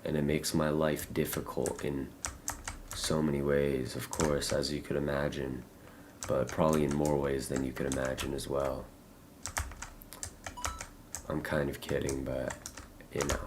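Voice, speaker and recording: A young American man streaming a game, talking in a loose, halting, rambling way full of fillers and restarts. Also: rumbling low, background noise. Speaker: livestreamer. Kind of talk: casual rambling gameplay chat.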